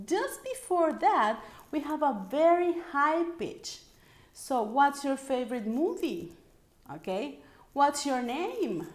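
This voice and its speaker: Slow, high-voiced woman language coach. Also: echoey room. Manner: demonstrates intonation with example questions, checks in with "right?" and "okay?". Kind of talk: teaching English intonation.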